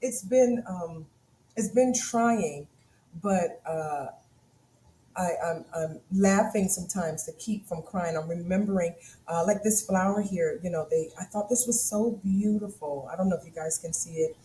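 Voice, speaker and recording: A woman's voice: lowish voice, unhurried. Laughing woman telling stories, echoey room. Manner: animated storytelling with frequent laughter. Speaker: co-host. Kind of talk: casual chat. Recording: echoey room with faint noise.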